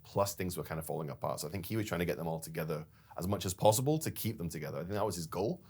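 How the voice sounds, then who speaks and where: A man with a very low voice recounts a story in a relaxed business chat. He tells it with animation and laughs now and then as he co-hosts. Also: very fast, slightly rough. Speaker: company founder and podcast co-host.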